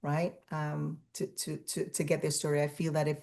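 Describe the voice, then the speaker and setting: A woman's voice: deep voice, monotone, normal speed, vocal fry, darkish tone. A woman from Trinidad, a guest on a radio interview, telling stories animatedly and acting out the dialogue she quotes. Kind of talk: casual interview chat.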